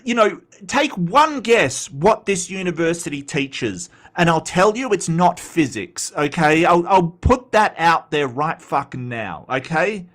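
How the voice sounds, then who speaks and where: A man's voice: a little high, very animated, a little slow, few pauses, fairly bright tone. An Australian man hosting a casual commentary show, rambling and blunt, swearing freely and answering his chat. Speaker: commentary host.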